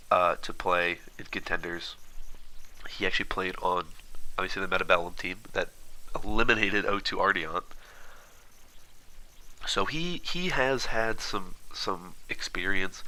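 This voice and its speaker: A man with a low, deep voice and a crisp, bright edge talks through a roster breakdown in a casual, unscripted way. He speeds up and rambles, filling gaps with "uh" and "um" and restarting his sentences. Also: low-quality recording. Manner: fast, rambling, many fillers and restarts. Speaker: esports commentator. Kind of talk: casual analysis while watching footage.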